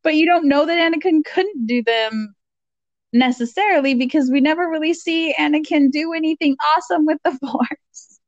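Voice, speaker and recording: A woman rambles hesitantly in casual podcast chat, laughing between thoughts. Her slightly high voice comes through a dull, lo-fi mic with a dry, close sound. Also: moderate pace, no room sound. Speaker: podcast co-host.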